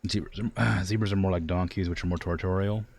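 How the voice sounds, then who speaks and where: A man's voice: low voice, steady tone, fast, creaky, darkish tone. A man streaming a zoo game, rambling in casual commentary, talking to the animals and filling gaps with "like". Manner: rambling, talks to the animals, many "like" fillers; tired, yawning.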